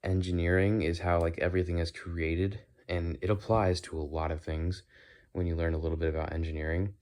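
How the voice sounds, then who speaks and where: A man's voice: sits low, little pitch movement, fairly quick, a little mellow. A young man rambling opinionated thoughts while walking outdoors, now and then playing with silly accents and sounds. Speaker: vlogger. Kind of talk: casual walking monologue.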